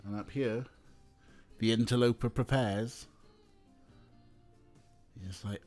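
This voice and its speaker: A man's voice: medium pitch, steady tone, slow pace, pauses often, darkish tone, soft background music. A young man streaming, chatting casually and talking to his cats as he plays. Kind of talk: casual live-stream chat.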